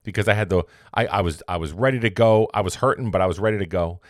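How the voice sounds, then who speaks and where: In a casual storytelling monologue, a male podcast host speaks quickly in a low voice with studio-quality sound and no echo. He tells a long story, rambling and correcting himself, before turning it into a motivational point.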